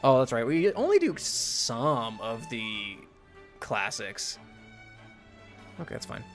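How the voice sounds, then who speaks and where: A man's voice: medium pitch, huge pitch swings, takes it slowly, faint music behind. A man streaming a game, chatting casually and animatedly, laughing often and swearing now and then. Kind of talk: casual gameplay commentary.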